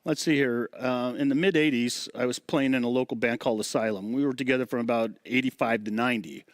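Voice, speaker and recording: A middle-aged man, a guest on an interview, telling road stories in a chatty, animated way. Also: mid-range voice, fast talker, no room sound, studio quality. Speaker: guest, touring drum tech. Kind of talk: casual interview storytelling.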